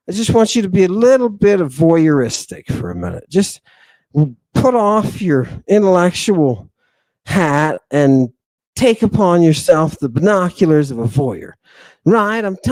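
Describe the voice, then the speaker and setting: A man with a darkish tone hosts a podcast talk, lecturing emphatically on ancient texts to a live audience, with no room sound. He keeps tossing out rhetorical questions like "do you understand" and "right," stretches out his stresses, and swings between low murmurs and raised exclamations.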